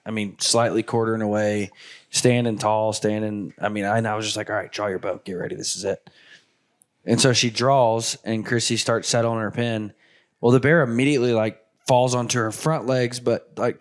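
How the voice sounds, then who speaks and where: A man hosting a hunting show, retelling a hunt in a casual, animated way with lots of filler words. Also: fairly low pitch, moderate pace, clear, resonant tone. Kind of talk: casual storytelling with guests.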